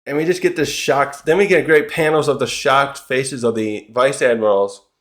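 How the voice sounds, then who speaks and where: A man's voice: mid-range voice, steady tone, moderate pace, fairly bright tone. A man giving a casual recap commentary of a comic chapter, rambling and often correcting himself. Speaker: manga chapter reviewer.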